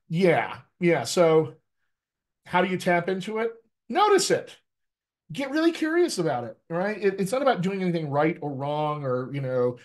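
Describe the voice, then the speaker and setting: A man's voice: fairly high pitch, darkish tone. A middle-aged man, a dialect coach, teaching an online workshop in an emphatic, conversational way, often checking in with "right?".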